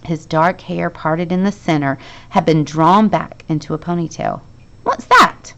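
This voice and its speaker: A woman teacher reading a children's novel aloud to her class, expressive and lively, with the dialogue acted out. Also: deep voice, moderate pace, highs cut off.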